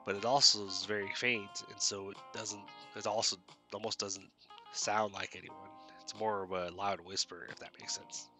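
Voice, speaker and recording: A man's voice: fairly low pitch, level tone, moderate pace, sharp tone, faint music behind. A man voicing a polite, earnest young woman student who says ma'am and sir and often restarts her sentences.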